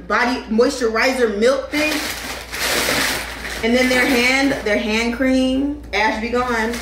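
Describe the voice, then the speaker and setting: A young woman from Flint, Michigan chatting casually to her viewers as she unboxes things, animated and calling them y'all. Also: a little high, distant mic, heavy background noise. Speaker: lifestyle vlogger. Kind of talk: casual vlog chat. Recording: echoey room, voice a bit off-mic.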